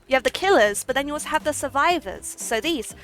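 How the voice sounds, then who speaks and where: A woman's voice: high voice, animated, fast talker. A woman streaming a game live, chatting playfully with viewers, giggling often, and reading the game's text aloud. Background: faint game music.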